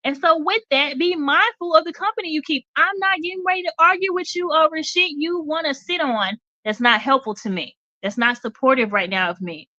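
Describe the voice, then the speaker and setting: Direct talk show lady, bright and forceful, keeps asking okay?, dry dull audio. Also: high voice, brisk, hardly any pauses, dry recording. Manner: direct, emphatic, checks in with "okay?". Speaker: radio talk show host. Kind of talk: motivational talk.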